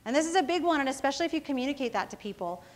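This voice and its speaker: Woman, high voice, casual motivational speaker, self-mocking stories, keeps asking the crowd "right?". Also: lively intonation, rapid-fire. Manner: casual storytelling, often asking the audience "right?". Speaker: business founder giving a talk. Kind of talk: motivational talk to students.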